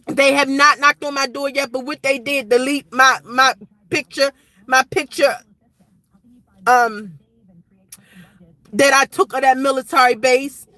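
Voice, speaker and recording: Agitated high bright-voiced woman in her forties. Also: steady tone, measured pace, long pauses, no room sound, rough recording. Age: 40s. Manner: agitated, rambling, repeats herself. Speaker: vlogger. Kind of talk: impassioned to-camera rant. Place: outdoors at night.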